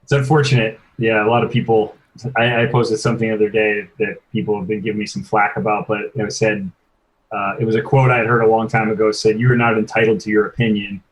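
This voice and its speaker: A man's voice: on the low side, little pitch movement, fast talker, low-quality recording. A man who coaches sports performance, speaking as a podcast guest in an earnest, reflective way with blunt opinions. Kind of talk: conversational interview.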